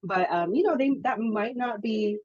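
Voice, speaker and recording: A woman in her thirties telling personal stories as an interview guest, lively and quick to laugh. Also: fairly high pitch, dry recording, lo-fi sound. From Filipino heritage. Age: 30s. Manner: animated storytelling, laughs often. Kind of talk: casual interview chat.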